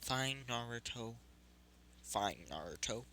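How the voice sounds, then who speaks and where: A man voicing calm hero Tonari. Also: mid-range voice, takes it slowly, a little hiss or hum, pitched above the performer's own voice. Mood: gruff. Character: calm powerful young male hybrid hero.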